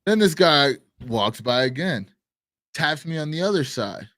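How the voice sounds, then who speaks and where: A man co-hosting a live stream show, telling a story in casual chat, animated and swearing, acting out quotes loudly. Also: on the high side, a little slow, no echo, studio quality. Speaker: podcast co-host.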